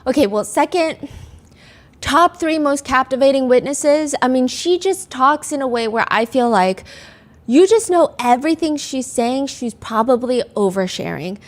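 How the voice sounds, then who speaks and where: A young adult woman with a slightly high voice hosts a podcast. She tells a true-crime story in a chatty, conversational way. She reads quoted lines with lively emphasis. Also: normal speed. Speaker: podcast host.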